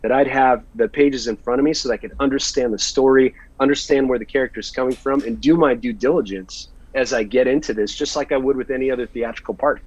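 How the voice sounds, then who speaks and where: An American man with a husky, slightly breathy voice tells his stories in a lively, casual way and acts out what others said. The sound is dry and a little dull. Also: mid-range voice, fast, few pauses, dry recording. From United States. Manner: animated storyteller, acts out quoted lines. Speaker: actor, interview guest. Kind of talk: casual interview storytelling.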